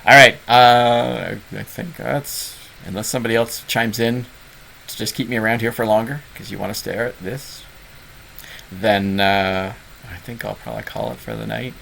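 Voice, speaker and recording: A man's voice: fairly low pitch, fairly even intonation, normal speed, gravelly, pushed and bright, a little hiss or hum, low-quality recording. A man with a Southern Ontario Canadian accent hosting casual online office hours, rambling and self-deprecating with many fillers. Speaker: host of a gaming club's online office hours. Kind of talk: casual livestream chat.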